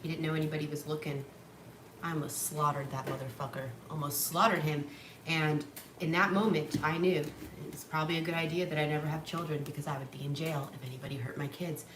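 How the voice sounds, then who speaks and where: This young woman talks fast in a low voice with fairly even intonation while livestreaming from home. Her casual chat is blunt and full of swearing, broken up by cooing to her dogs; the sound is noisy and echoey, with the mic set at a distance.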